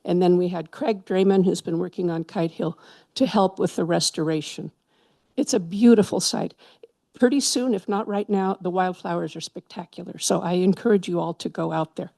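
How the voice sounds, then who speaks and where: A woman with a gravelly, creaky voice gives passionate public comment at a council meeting. She rambles with enthusiasm, and the sound is dry and close. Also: fairly low pitch, steady tone, normal speed, warm tone, no echo. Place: town council chamber.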